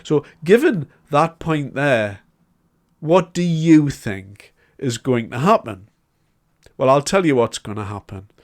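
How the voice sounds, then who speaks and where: Man, solo political commentary, emphatic, conversational, average pitch. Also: very animated, slow pace, darkish tone. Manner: conversational, emphatic, argues point by point.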